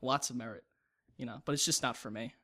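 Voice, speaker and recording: A man co-hosting a podcast in casual chat, animated and opinionated, often laughing mid-sentence. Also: mid-range voice, quick pace. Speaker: podcast co-host.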